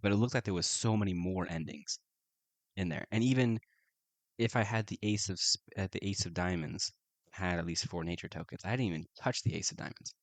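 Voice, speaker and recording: A man playing a solo folk-horror tabletop game, reading the prompts aloud and reacting with excited exclamations. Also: low voice, a little fast, no room sound. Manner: excitable, keeps saying oh my goodness. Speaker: solo tabletop RPG player.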